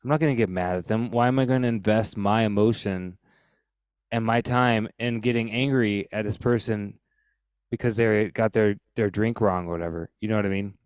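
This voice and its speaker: A man's voice: on the low side, normal speed, clear, resonant tone, no echo. A man on a podcast talking casually and loosely, filling his speech with "like" and "you know". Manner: relaxed, heavy on fillers like "like" and "you know".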